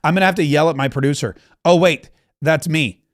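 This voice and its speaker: A man's voice: on the high side, a little fast. A middle-aged man hosting a political talk show, delivering an emphatic, rambling monologue and correcting himself as he goes. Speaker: political commentary host.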